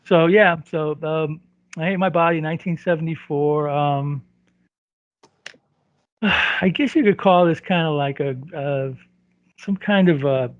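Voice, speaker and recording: A man chats casually as a movie podcast co-host, rambling along with jokes and frequent chuckles. His voice sits fairly high. The sound is dry and close, a little dull and muffled. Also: no echo. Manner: rambling and jokey, chuckling often. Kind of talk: casual movie review chat.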